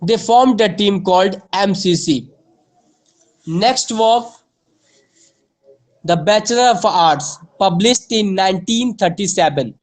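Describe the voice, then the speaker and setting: A woman teacher dictates literature notes at an unhurried, deliberate pace. She repeats every phrase and spells out key words letter by letter for her students to copy down. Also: medium pitch, darkish tone.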